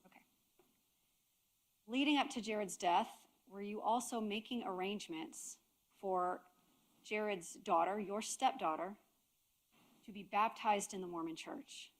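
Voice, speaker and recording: Measured woman attorney questioning a witness. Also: mid-range voice. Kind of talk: courtroom examination.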